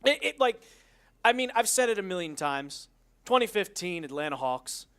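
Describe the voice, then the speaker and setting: Man, sports talk co-host, lively swooping pitch, excitable, mocking. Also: clean tone. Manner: animated, excitable, quick to mock.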